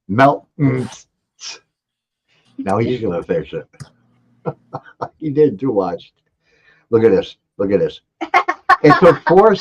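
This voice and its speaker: A lower-voiced older man hosts a casual livestream, reading viewer comments aloud and poking fun at them. His pitch swings widely as he jokes. The audio is dull and lo-fi. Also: slightly rough. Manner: animated, teasing, reads out viewer comments. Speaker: livestream host.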